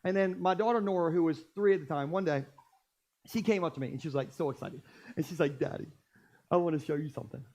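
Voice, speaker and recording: A male pastor preaching a sermon in a church, telling stories with jokes and lively, animated delivery. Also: fairly high pitch, fast talker. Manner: animated, jokey storytelling. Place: church stage.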